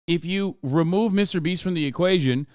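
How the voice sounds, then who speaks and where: Male streamer in his thirties, fairly high voice, smooth and dry; heated, profane reaction rant. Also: moderate pace, dry recording.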